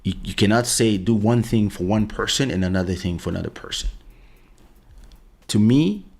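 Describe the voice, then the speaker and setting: A man's voice: on the low side, normal speed, vocal fry, a little mellow, husky. A middle-aged man hosting a podcast, talking casually and telling a story, often saying "listen". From France. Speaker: podcast host. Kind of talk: casual monologue.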